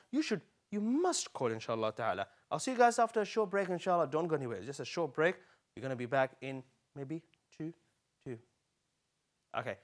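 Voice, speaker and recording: A man hosting a live children's Quran lesson, speaking in an animated and coaxing way and repeating words slowly for young learners. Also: fairly high pitch. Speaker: Quran teacher.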